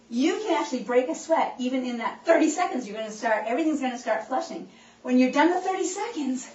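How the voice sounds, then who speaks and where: A woman chiropractor giving an animated exercise talk, coaching her listeners along as she demonstrates. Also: high-pitched, a little fast. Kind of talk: animated instructional talk to a group. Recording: echoey room, voice picked up from a distance, dull sound.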